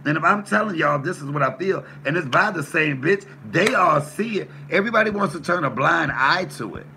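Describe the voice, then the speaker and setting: A man's voice: a little high, expressive, brisk, vocal fry, background noise. A man hosting his own livestream, cursing and confronting his chat with emphatic, repeated lines, then answering commenters. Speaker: YouTube livestream host. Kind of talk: heated livestream rant reading chat.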